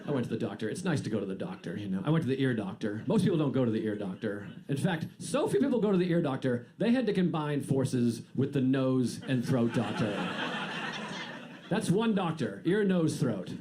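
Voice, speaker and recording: A man's voice: medium pitch, very animated, brisk. A man from the United States doing a stand-up comedy routine, telling stories in a dry, self-deprecating way. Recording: noisy live recording.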